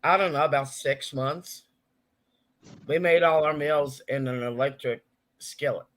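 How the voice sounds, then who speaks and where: A man's voice: on the high side, steady tone, measured pace, fairly bright tone. A man hosting a casual live stream, chatting and reading viewers' comments aloud.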